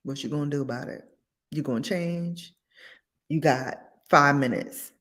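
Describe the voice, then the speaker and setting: A woman hosting a casual commentary vlog, blunt and sassy, with animated asides. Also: low-pitched, normal speed. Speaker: host.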